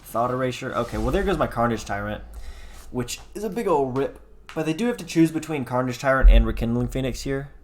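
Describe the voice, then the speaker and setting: A man's voice: medium pitch, animated, a little fast. Young male gameplay commentator, casual, thinking aloud, self-correcting, wry.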